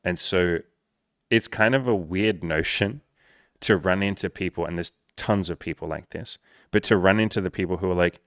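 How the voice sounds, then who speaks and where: A man's voice: low voice, normal speed, no echo, studio quality. A male dating coach talking straight to his viewers, blunt and profane, often mimicking whiny voices of others. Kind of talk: casual monologue to viewers.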